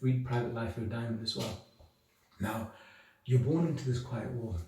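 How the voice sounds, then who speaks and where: A man's voice: medium pitch, normal speed, a little mellow, far from the mic, slight background noise. A man talking straight to his viewers in an emphatic, preachy way, firing off rhetorical questions. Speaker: video blogger. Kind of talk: monologue to camera. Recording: very echoey room, voice from the mic.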